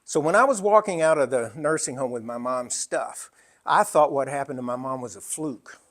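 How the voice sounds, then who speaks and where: An older man giving a storytelling business talk as an entrepreneur, animated and conversational with frequent asides. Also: medium pitch, moderate pace.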